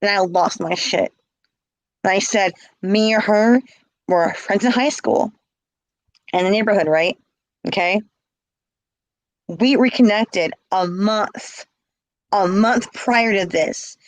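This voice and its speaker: The speaker is a middle-aged woman being interviewed, slowly and with frequent pauses, about an emotional experience of her own. Her mid-range voice carries real passion as she repeats herself and performs quoted calls. The audio is low quality, though free of echo.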